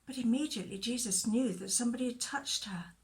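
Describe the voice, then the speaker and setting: A woman leading a children's church talk, telling a Bible story in a gentle, expressive way and asking questions, recorded for video. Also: fairly high pitch, quick pace.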